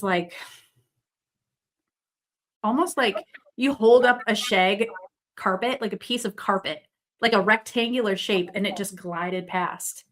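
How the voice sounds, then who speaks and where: A woman with a mid-range voice, appearing as a psychic medium guest, tells a personal story in a loose, rambling way. She's excited and buzzing, and her speech is packed with fillers.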